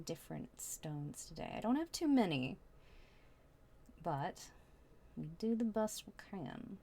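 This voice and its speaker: A woman giving a casual tarot reading, chatty and prone to rambling. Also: on the low side. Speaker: tarot reader.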